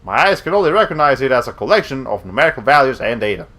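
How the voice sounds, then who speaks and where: Brief: man doing a cold female android, flat and robotic, calm. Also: mid-range voice. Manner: slow, flat robotic delivery.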